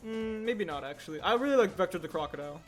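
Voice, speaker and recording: A man livestreams while making stop-motion animation, casually chatting, rambling, and correcting himself mid-sentence. His high voice is animated and quick, with faint music in the background.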